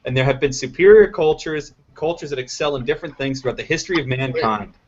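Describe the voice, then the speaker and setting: A man's voice: medium pitch, quick pace, a little hiss or hum. A man hosting a casual political chat over a video call, talking in an emphatic, opinionated way. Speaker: host. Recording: dull lo-fi call audio.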